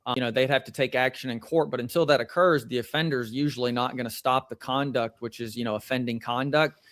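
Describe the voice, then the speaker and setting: A man with a Southern accent, an attorney calmly explaining legal points as a guest on a video call podcast. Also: mid-range voice, no echo, clean studio sound. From Tennessee, USA. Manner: measured explaining with frequent "you know" and "uh". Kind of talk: legal commentary in a podcast interview.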